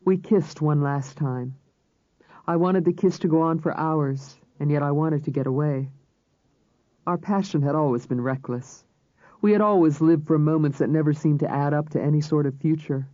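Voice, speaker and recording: A man reading a crime novel aloud as narrator, in a measured, even storytelling manner. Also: on the high side, no echo. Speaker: audiobook narrator. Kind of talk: scripted narration. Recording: slightly dull audiobook recording.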